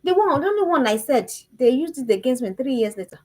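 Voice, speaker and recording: A woman teaching a parenting lesson, emphatic and animated, who repeats her phrases and keeps asking the listener questions. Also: sits high, quick pace, poor audio.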